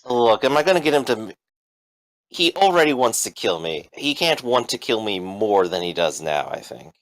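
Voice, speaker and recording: A man's voice: on the low side, big pitch swings, moderate pace, low-quality recording. A man doing a nervous, cocky young thug.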